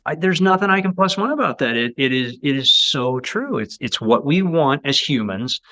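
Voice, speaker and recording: Bright-voiced, enthusiastic male co-host. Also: medium pitch, lively intonation, normal speed. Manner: enthusiastic, agreeing, reflective. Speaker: podcast co-host. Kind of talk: casual podcast conversation.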